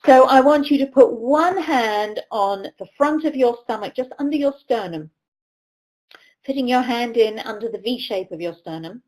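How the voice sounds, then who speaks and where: A woman's voice: a little high, expressive, normal speed, darkish tone, low-quality recording. A middle-aged woman from the UK, a riding coach giving a webinar lecture, telling anecdotes and acting out the voices of people she quotes. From United Kingdom. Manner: storytelling, acts out quoted voices.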